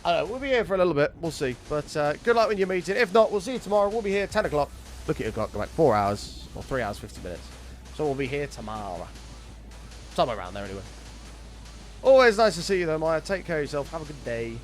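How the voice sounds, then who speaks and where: A young man chats to his stream while he plays, telling rambling, sweary anecdotes and greeting viewers by name. His voice sits a little higher than most men's. Soft music plays quietly under his talk. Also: big pitch swings. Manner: chatty storytelling, sweary, quick to greet viewers. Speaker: game streamer. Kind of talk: casual chat with live chat while gaming.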